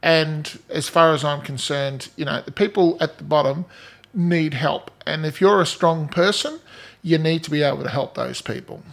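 A man's voice: fairly high pitch, normal speed, gravelly, fairly bright tone. A man co-hosting a podcast, teasing and rambling in casual chat. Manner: teasing, rambling, laughs a lot. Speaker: podcast co-host.

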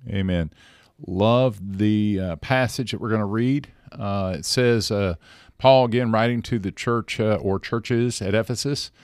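A man's voice: on the low side, a little slow, clean tone, no room sound, studio quality. A man co-hosting a pastors' podcast, chatting casually with folksy jokes and reading scripture aloud. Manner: relaxed, folksy, self-deprecating jokes.

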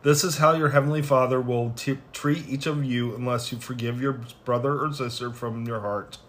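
Guy reading bible passages out loud, plain steady voice, mid pitch, trips over a word here and there. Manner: plain unhurried reading with small stumbles and restarts. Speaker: scripture reader. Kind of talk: reading scripture aloud, then closing prayer.

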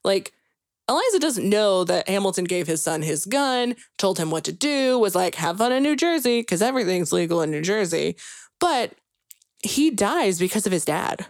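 A woman's voice: medium pitch, big pitch swings, normal speed, no room sound, studio quality. A young woman co-hosting a casual chat, telling a story in a rambling, filler-heavy way full of "like" and "you know," and growing emotional at the sad parts. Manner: gushing and emotional when recounting sad moments. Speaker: podcast co-host.

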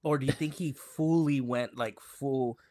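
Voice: mid-range voice, measured pace, warm tone, no room sound, clean studio sound. A podcast co-host in casual chat, laughing often and asking teasing questions.

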